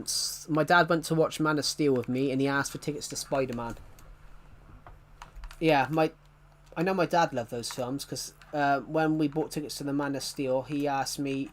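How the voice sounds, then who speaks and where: A man's voice: medium pitch, normal speed. Rambling, chuckling young man streamer. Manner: rambling and self-deprecating, laughs often and restarts. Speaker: live streamer. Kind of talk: casual live-stream chat.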